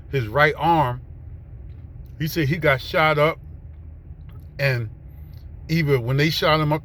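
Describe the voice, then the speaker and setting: A man's voice: medium pitch, fairly bright tone. A man telling a profane, slangy street story in a casual way, acting out what other people said.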